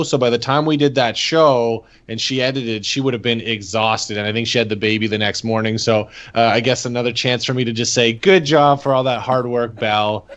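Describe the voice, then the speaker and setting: A man's voice: medium pitch, fairly bright tone. A man hosting a casual chat podcast, easygoing and agreeable, often laughing along with his co-host.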